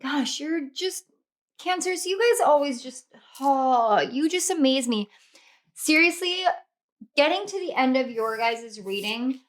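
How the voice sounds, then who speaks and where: A woman with a fairly high voice gives a casual tarot reading to camera. She gushes with affection and circles back to the same encouragements again and again. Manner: effusive, affectionate, repeats encouragements. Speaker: tarot reader.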